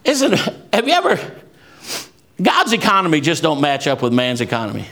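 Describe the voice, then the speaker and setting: A preacher man with a high, bright, ringing voice delivers an impassioned sermon. He quotes scripture and swings between hushed, low passages and shouted, soaring declarations. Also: wildly swooping pitch, moderate pace. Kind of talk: fervent sermon.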